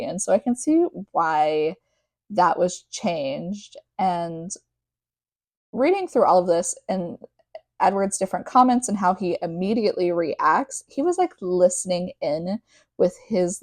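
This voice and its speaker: A woman's voice: lowish voice, a little mellow, no echo. A young woman reading a novel aloud and breaking off into rambling, casual commentary, peppered with "like". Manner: chatty, rambling, heavy use of "like". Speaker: podcast host.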